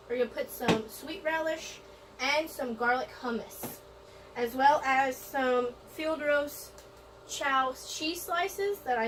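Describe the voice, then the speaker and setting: A woman's voice: high-pitched, noisy background. A woman talking casually through a cooking demonstration in her home kitchen, chatty and explaining each step as she goes. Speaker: cooking vlogger. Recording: voice a bit far from the mic.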